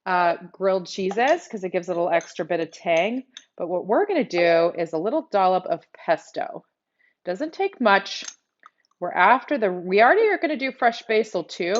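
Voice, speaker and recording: A woman's voice: mid-range voice, highs cut off. A middle-aged woman from South Texas with a Texas accent, hosting a live cooking demo from her home kitchen and chatting straight to her viewers. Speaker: cooking show host.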